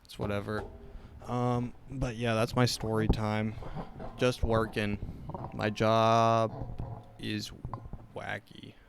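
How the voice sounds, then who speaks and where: A man's voice: fairly low pitch, completely flat delivery, takes it slowly, gravelly, noisy background. A young man hosting a casual chat show, rambling with lots of fillers and restarts. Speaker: podcast host.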